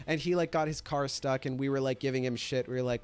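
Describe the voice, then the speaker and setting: A man casually telling a story, animated and profane, filling his talk with "like". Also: medium pitch, fast, hardly any pauses, clear, resonant tone. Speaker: streamer.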